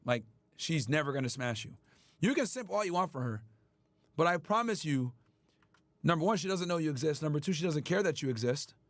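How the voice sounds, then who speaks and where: A man hosting a livestream, ranting at his chat in a loud, profane, emphatic way. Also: fairly high pitch, lively intonation, brisk, dry recording. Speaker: livestream host. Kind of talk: casual livestream rant.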